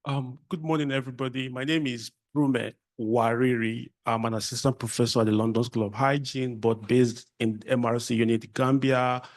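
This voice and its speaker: Man from nigeria, mid-pitch voice, quick plain intro to the group. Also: fairly even intonation. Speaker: assistant professor. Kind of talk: self-introduction at a course.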